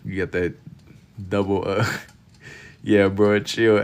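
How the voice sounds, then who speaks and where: Deep-voiced laid-back young man streaming. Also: little pitch movement, takes it slowly, clean tone. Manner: laid-back slangy banter with chat, frequent laughs. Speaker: livestream artist. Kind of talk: casual livestream chat.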